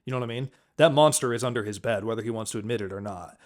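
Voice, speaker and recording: A man's voice: fairly low pitch, rapid-fire. Easygoing man co-hosting a podcast. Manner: easygoing, laughs often, loose phrasing. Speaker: podcast co-host. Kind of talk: casual movie podcast chat.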